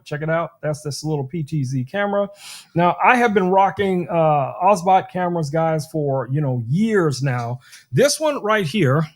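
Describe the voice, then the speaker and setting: A man with a somewhat high voice hosts a live tech stream. He jokes around and talks straight to the people watching while he shows off gadgets, keeping the tone loose and animated. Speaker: tech livestream host. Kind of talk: casual live stream product demo.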